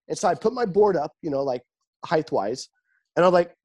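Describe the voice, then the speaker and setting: A young man with a husky, slightly rough voice and a dark, mellow tone. He tells stories in casual chat, swearing freely and acting out every quoted line. The energy is lively and the delivery loose. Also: on the high side, quick pace. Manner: animated, swears freely, acts out quoted dialogue.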